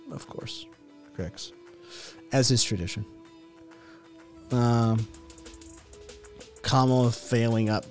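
A man's voice: fairly low pitch, darkish tone. A man hosting a casual podcast stream, rambling, swearing freely and answering chat as he talks. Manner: profane, rambling, reacting to chat. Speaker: podcast host.

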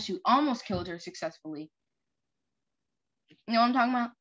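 A woman's voice: fairly high pitch, animated, fairly quick, pauses often, fairly bright tone. A young woman chatting casually over a story game, rambling with many fillers. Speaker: game playthrough host. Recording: lo-fi muffled recording.

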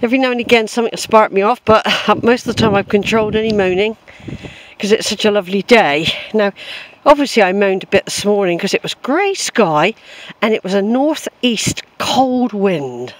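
A high-voiced man rambles cheerfully to his viewers as he walks a hillside path. He calls them folks and drifts from one thought to the next. Faint outdoor noise sits behind the camera mic. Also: lively intonation, moderate pace, low-quality recording. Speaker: hiker filming his walk. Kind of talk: casual walking vlog.

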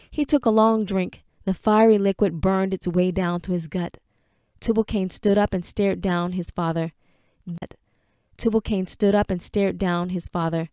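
A woman reading an audiobook aloud in a measured storytelling manner. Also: medium pitch, steady tone, dark tone, no room sound, studio quality. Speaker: audiobook narrator. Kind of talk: scripted narration.

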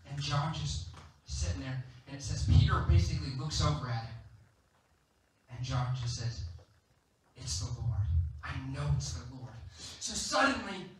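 Casting an emphatic, playful male preacher with a high voice, heard from off-mic in a booming sanctuary. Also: slight background noise. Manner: animated storytelling, playful and emphatic. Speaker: guest preacher. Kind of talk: sermon. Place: church. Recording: echoey church hall, distant mic.

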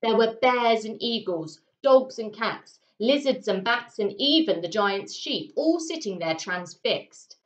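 A woman primary school teacher reading a children's story aloud, with an expressive delivery and dramatic pauses. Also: on the high side. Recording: roomy, slightly muffled home recording.

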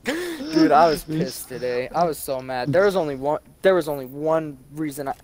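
A man's voice: fairly high pitch, moderate pace. A young man chatting while he streams a game, telling profane stories about his workday with lots of energy. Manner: animated, profane storytelling. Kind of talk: casual chat while gaming. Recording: noisy background.

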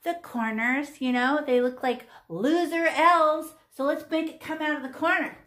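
A woman's voice: high-pitched, measured pace, a bit bright, roomy sound. A woman in her fifties teaching children to paint, playful and chatty, teasing the class and talking to herself as she works. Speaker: art teacher.

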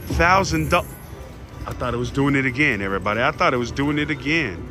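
A man in a casino, calling out his slot spins to viewers with excited shouts and groans. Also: medium pitch, a little fast, over music. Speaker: slot machine vlogger. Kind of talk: excited live slot commentary. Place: casino floor.

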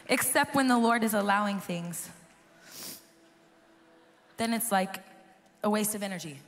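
A woman worship leader, hoarse and losing her voice, telling an earnest personal testimony to a live audience. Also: mid-range voice, a little slow. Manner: earnest, storytelling, talks to the crowd. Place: large conference hall. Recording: live hall reverb with soft music.

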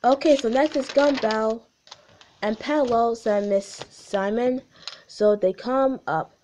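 A woman's voice: fairly high pitch, takes it slowly, a little mellow, slight background noise. A young woman reading aloud a story she wrote as a child, stumbling over words and adding her own comments. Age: young adult.

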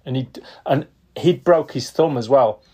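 Fifties male guest, chatty storyteller, mid-pitched, acts out quotes. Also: unhurried, breathy edge. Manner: lively storyteller who acts out quotes and laughs often. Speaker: podcast guest, retired footballer. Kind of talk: casual anecdotal storytelling.

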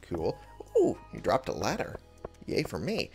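A man's voice: fairly low pitch, wildly swooping pitch, unhurried. A man giving casual let's-play commentary, chatting to himself as he plays. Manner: chatty, talks to himself while playing. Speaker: gaming video host. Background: game music.

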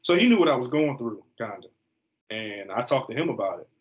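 A man in his thirties from the US East Coast tells his story in a loose, slangy, animated way as an interview guest. His voice sits at a mid pitch and comes through a slightly muffled, lo-fi recording. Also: a little fast. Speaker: guest, football player.

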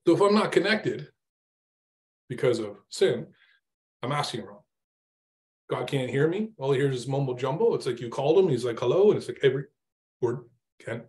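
A man's voice: mid-range voice, lively intonation, moderate pace, pauses often, a little mellow. A middle-aged man preaching an informal sermon, conversational, asking his listeners questions and acting out his own exasperated prayers.

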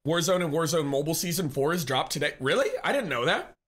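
A man's voice: fairly high pitch, lively intonation, fast talker, a bit bright. A man live-streaming, chatting casually with viewers, reading chat, greeting people and laughing often in a teasing way.

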